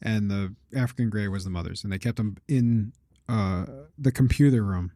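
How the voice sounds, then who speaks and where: A man co-hosting a casual podcast, telling animated stories and mimicking birds with shrill yells. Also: moderate pace, dry recording, studio quality. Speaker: podcast co-host. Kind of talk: casual chat.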